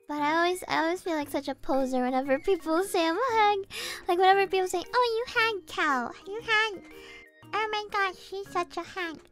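A young woman streaming casually, giggling often, talking about herself in the third person and dropping a cute "mo" tic. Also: high-pitched. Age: young adult. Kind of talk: casual livestream chat. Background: faint background music.

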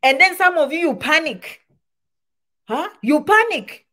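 A woman's voice: sits high, very animated, unhurried, pauses often, sharp tone. A woman giving casual advice to camera, full of rhetorical questions and repeated points. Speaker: immigration advice vlogger.

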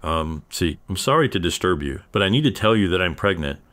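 A soft, apologetic young woman pleading through tears with the man she wronged, her voice sitting low and dark for a woman, as a male narrator puts her on. She speaks gently and contritely, begging to be forgiven. It comes across as part of a read-aloud story. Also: expressive, brisk, no room sound.

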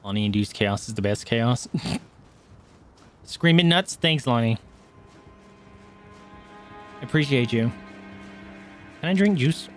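Faint music plays behind a man streaming a video game, his mid-range voice animated yet slow, with long pauses. He comments live in a jittery way, going from muttered asides to startled yelps and swearing.

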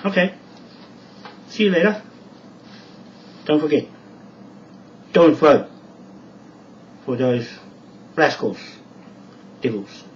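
A man from New Zealand rambling in a home video, repeating emphatic warnings. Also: mid-range voice. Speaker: video blogger. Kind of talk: rambling address to camera. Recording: distant, dull lo-fi sound with faint background noise.

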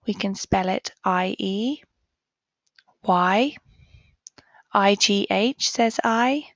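A woman teaching a children's phonics lesson, sounding out each word letter by letter and repeating it clearly. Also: medium pitch, extremely slow, no room sound, muffled recording.

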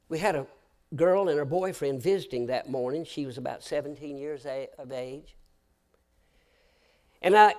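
High-voiced preacher swinging from hush to shout. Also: male voice. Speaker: pastor. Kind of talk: sermon. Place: church sanctuary.

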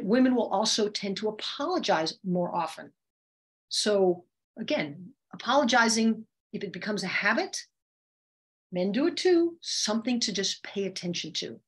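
A woman's voice: mid-range voice, breathy edge. A woman communication coach teaching a webinar, who often changes her voice to demonstrate her points.

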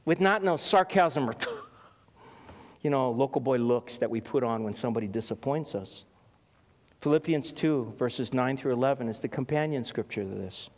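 A man's voice: medium pitch, normal speed, pauses often. A middle-aged man, preaching a sermon as pastor, telling stories with laughs and acting out quotes. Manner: animated storytelling with laughs and acted quotes. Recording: long hall reverb.

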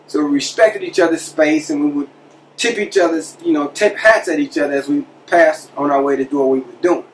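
A man's voice: a little high, a little fast, slight background noise. Man telling a story from a distance. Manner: conversational, animated retelling with quoted dialogue. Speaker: podcast host telling a personal prison story. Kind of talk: casual storytelling.

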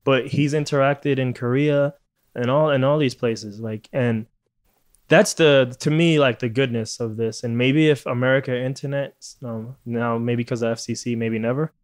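A man's voice: medium pitch, fairly even intonation, moderate pace. A man from Puerto Rico hosting a casual podcast, ranting with lots of swearing and frequent laughter. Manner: profane, ranting, laughs often. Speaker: podcast host.

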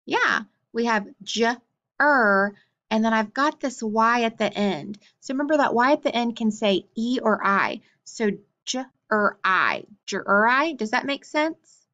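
A woman's voice: a little high, animated, normal speed, a bit bright, highs cut off. A woman teaching a phonics lesson, sounding out words syllable by syllable and drilling letter cards. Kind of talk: slow, deliberate phonics lesson.

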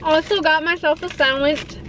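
Chatty young woman with a high voice. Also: steady tone, moderate pace, a bit bright, slight background noise. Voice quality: slight lisp from retainers. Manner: chatty, giggly, nervous. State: pregnant. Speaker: vlogger. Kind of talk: casual vlog chat.

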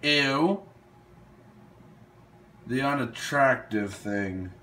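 A man's voice: mid-range voice, drawn-out words, bright, forceful tone. A young man talks unhurriedly through a would-you-rather game, thinking aloud as he goes. He hesitates, trails off and restarts when a choice is hard, keeping a casual, unscripted tone. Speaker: gaming video host. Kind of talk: casual commentary while playing a quiz game.

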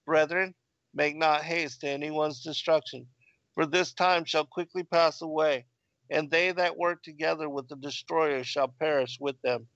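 A captive young woman praying and pleading, read out by a man in a fairly high voice. The sound is dull and dry. The delivery stays plain and measured. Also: steady tone, fairly bright tone, no echo.

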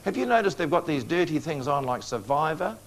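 A man's voice: fairly high pitch, sing-song, fairly quick. A man preaching a prophecy lecture to a live audience, coaxing responses with questions and joking asides.

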